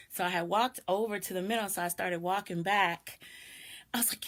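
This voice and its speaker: A woman's voice: medium pitch, moderate pace, fairly bright tone. Middle-aged woman, vlog host, reflective personal storyteller, mid-range voice. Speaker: doula and video host. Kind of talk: personal storytelling on a live stream.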